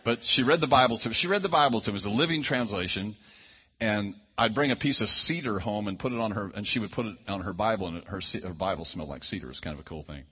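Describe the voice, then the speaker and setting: A man preaches in a loose, folksy storytelling style, doubling back and tossing in asides. His voice sits low with a husky grain. The recording is a little dull and lo-fi. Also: fast talker. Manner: folksy, conversational, frequent restarts and asides. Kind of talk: storytelling sermon. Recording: dull lo-fi sound.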